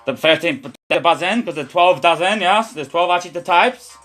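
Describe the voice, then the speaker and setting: A man's voice: sits high, expressive, normal speed, fairly bright tone, faint music behind. A man streaming a rambling, repetitive religious monologue, preachy and full of profanity.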